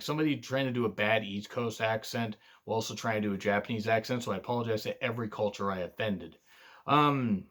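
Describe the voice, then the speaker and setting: A man's voice: fairly low pitch, a bit bright. A man reviewing a wrestling show in a casual monologue, blunt and profane, drifting into digressions with lots of fillers.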